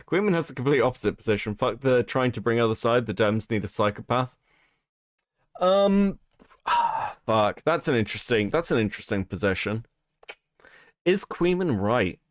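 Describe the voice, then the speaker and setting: A man giving casual, profane live-stream commentary on chat, animated and laughing often. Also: medium pitch, moderate pace, no echo, studio quality.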